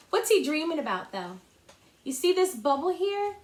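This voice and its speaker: A woman's voice: extremely high pitch, very animated, measured pace. A woman teacher reading a picture book to young children in a sing-song, encouraging way. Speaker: kindergarten teacher.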